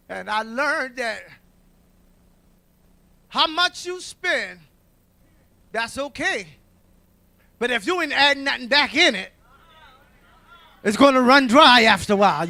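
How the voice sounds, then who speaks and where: Older male preacher, very high gravelly voice, slow emphatic church testimony that keeps calling on the room. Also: bright, forceful tone, no echo. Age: 60s. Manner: emphatic, repetitive, calls out to the congregation.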